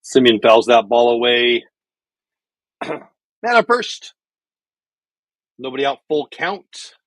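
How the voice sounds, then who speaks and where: A middle-aged man hosting a baseball watch party livestream from home, chatting casually and calling the plays with excitement. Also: medium pitch, slow pace, no room sound. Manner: chatty, thinks out loud, calls plays excitedly. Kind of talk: casual live baseball commentary.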